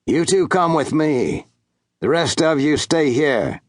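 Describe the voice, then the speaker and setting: A man voicing a cunning, treacherous one-eyed fur brigade captain with an English accent, quiet and commanding. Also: a little high, expressive, slow pace, dry recording, clean studio sound, pitched above the performer's own voice.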